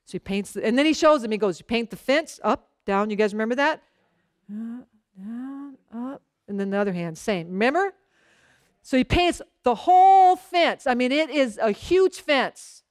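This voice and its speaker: High, smooth-voiced woman pastor preaching. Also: animated, moderate pace, darkish tone, dry recording, studio quality. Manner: conversational storytelling, often checks in with the congregation; acts out short bits of dialogue in a lowered voice. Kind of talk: sermon.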